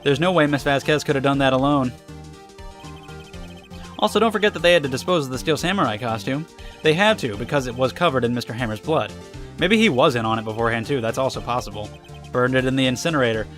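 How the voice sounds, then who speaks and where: A young man giving casual, excitable commentary while playing a game, swearing often. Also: mid-range voice, fast talker, faint music behind. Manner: excitable, swears a lot, angry outbursts. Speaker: let's play gamer.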